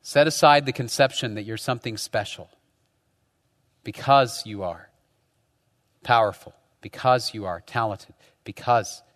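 A man's voice: on the low side, fairly bright tone. Pastor man preaching in an echoey hall. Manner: conversational, with frequent rhetorical tag questions. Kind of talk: sermon. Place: church.

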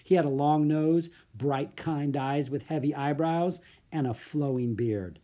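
A narrator reading a children's storybook aloud in an expressive way. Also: mid-range voice, unhurried.

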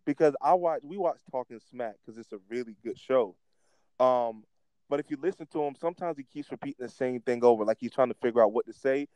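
A young man chatting casually about wrestling. His voice is mellow and dark, and it sits dry and close to the mic. He rambles and restarts his sentences in an animated way. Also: medium pitch, a little fast, no echo, low-quality recording. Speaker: podcast co-host.

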